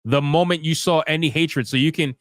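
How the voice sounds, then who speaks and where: A man's voice: on the high side, fairly quick, fairly bright tone, no room sound, clean studio sound. A man giving sarcastic, ranting live commentary as a streamer, firing off rhetorical questions. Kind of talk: live commentary reading tweets.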